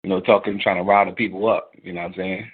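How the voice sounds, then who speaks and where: A man's voice: low voice, little pitch movement, racing, husky. A man calling in to a talk radio show, rambling with many fillers and asides. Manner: rambling, lots of fillers and "you know what I'm saying". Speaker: caller. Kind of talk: casual call-in talk. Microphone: phone call. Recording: tinny phone line.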